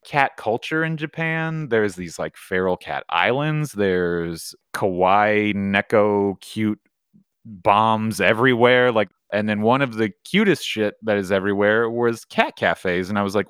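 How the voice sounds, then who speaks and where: A man's voice: lowish voice, measured pace, clean tone, no echo, studio quality. A man, co-founder of a cat cafe, telling his story casually with lots of swearing and fillers. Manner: profane, animated, rambling with many fillers.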